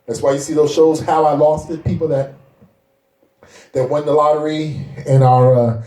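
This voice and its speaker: High-voiced preaching man, echoey church. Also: level tone, moderate pace, distant mic. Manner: preaching with call-and-response, mixing folksy asides and rising shouts. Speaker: pastor. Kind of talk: sermon. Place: church sanctuary.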